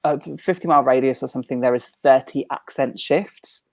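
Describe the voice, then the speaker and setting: Bubbly British woman host, low gravelly voice. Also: brisk, a little mellow, no room sound. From Britain. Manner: bubbly, laughs often, restarts words. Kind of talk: casual video-call chat. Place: living room at home. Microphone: video call.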